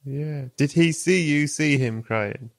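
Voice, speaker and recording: A man's voice: on the high side, takes it slowly, gravelly, no room sound. A man hosting a podcast interview, asking questions in a dry, teasing way. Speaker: podcast host. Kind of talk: casual interview chat.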